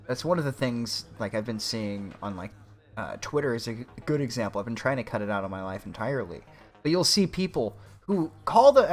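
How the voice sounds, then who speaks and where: A fairly high-voiced man hosting a live stream, sarcastic and exasperated, with plenty of swearing. Faint music runs quietly behind him. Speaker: livestream host. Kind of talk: profane political rant on a live stream.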